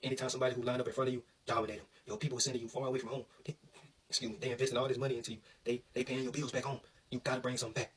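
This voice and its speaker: A young man from Alabama telling a story in an animated, slangy way. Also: medium pitch, far from the mic, slight background noise, poor audio. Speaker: vlogger. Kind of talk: casual storytelling.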